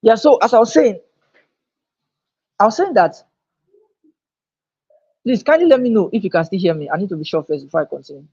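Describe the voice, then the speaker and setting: Male teacher, husky voice, emphatic and repetitive, dull-sounding live-stream recording. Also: sits high, animated, fairly quick, pauses often, darkish tone. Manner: emphatic, repeats key phrases. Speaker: online teacher. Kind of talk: live online lecture. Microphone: own microphone, recorded on camera.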